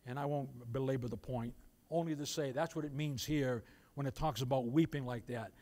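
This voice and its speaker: An older man preaching a sermon, moving from soft storytelling to loud, impassioned warnings. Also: medium pitch, moderate pace. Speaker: pastor. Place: church sanctuary.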